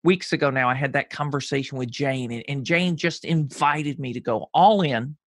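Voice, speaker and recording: A man hosting a podcast interview, asking curious, deliberate questions in a reflective way. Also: mid-range voice, no echo, studio quality. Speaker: podcast host. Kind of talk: conversational interview.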